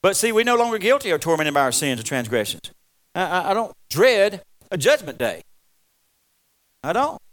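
A man preaching a folksy, rambling sermon, swinging from loud exclamations to quiet asides. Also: high-pitched, big pitch swings, moderate pace, pauses often. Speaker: pastor.

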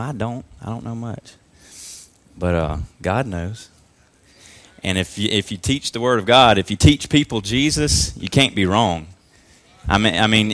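A man in his twenties preaching a sermon in church, peppering his lines with amens and swinging from quiet asides to loud, rising exhortation. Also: fairly low pitch, dry recording. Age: 20s. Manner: punctuates lines with frequent amens and praise God. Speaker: young preacher. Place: church service.

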